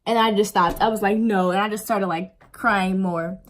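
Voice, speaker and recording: A woman's voice: mid-range voice, moderate pace. A young woman vlogger telling a story in a casual, rambling way, full of fillers. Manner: rambling, filler-heavy, animated retelling.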